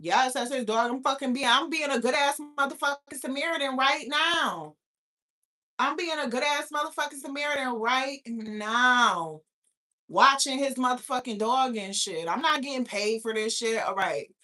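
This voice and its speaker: Young woman from new york ranting on her live, swears nonstop, bright voice. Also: high voice, normal speed. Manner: profane, animated, talks back to chat. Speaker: livestream host. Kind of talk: casual livestream rant.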